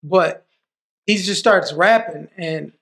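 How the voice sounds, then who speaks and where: A man's voice: high-pitched, slow, gravelly, a bit bright. A man, a podcast guest, telling stories in a loose, profane way full of restarts. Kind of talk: casual storytelling.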